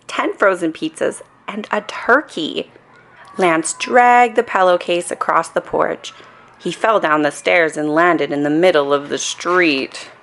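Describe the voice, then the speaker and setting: A woman reading a children's storybook aloud in a calm, soothing bedtime manner. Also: on the low side, vocal fry. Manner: calm, soothing reading with playful character voices.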